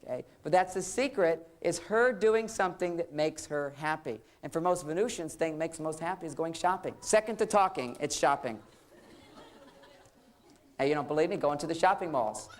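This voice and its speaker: A man's voice: fairly high pitch, moderate pace. Joking man giving a seminar talk. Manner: joking, acts out quoted couples. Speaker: relationship lecturer.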